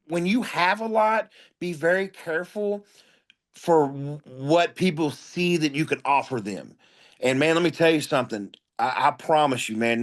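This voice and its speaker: A man guest, a comedian, telling candid stories in an interview with a blunt, profane, emphatic way of talking. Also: fairly high pitch.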